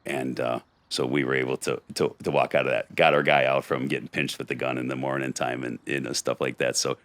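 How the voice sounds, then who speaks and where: A middle-aged man, a podcast guest, telling a rough street story in gritty, blunt talk. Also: very deep voice, little pitch movement, a little fast, fairly bright tone, no room sound. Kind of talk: storytelling in conversation.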